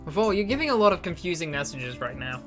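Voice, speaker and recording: A chatty game streamer with a slight British accent talks casually into a desk mic, answering chat and often restarting mid-sentence. The voice is bright and crisp at a middling pitch. Soft game music plays faintly in the background. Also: very animated, fast talker. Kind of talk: casual live gameplay chat.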